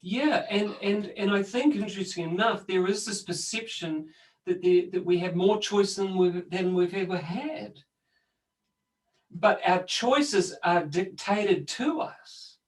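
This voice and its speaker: Guy co-hosting a chatty talk show, rambly and animated, mic sounds a bit far. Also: high-pitched, measured pace. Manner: rambling, animated storytelling with restarts. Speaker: co-host. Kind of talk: casual conversation about personal growth.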